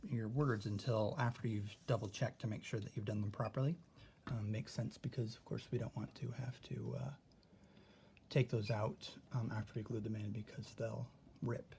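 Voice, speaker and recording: A patient male teacher walks a class through a phonics lesson, stretching out each vowel sound as he goes. His voice sits a little low and mellow. Faint room noise runs under it.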